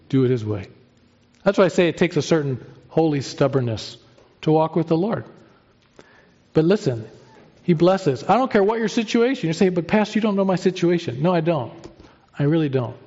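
Emphatische predikant, doffe opname. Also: male voice, a little high, dark tone, dull audio. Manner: emphatic preaching with dramatic pauses and rising emphasis. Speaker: pastor. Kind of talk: sermon.

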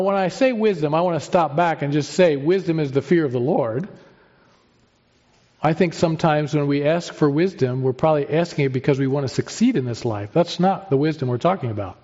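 A male pastor preaching a sermon with emphatic delivery, drawn-out pauses and rising stresses. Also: fairly high pitch, darkish tone, lo-fi sound.

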